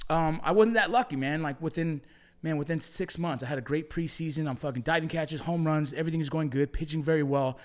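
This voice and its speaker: A middle-aged man telling stories from his past as a podcast guest, swearing a lot and slinging slang in casual, animated talk. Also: on the high side, fairly quick. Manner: profane, animated storytelling with slang like bro and dog. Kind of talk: casual storytelling conversation.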